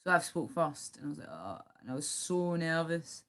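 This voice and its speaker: Young woman host, lowish voice, rambling casual stream chat, answers viewer comments. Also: steady tone, fairly quick, a bit bright. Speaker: livestream host.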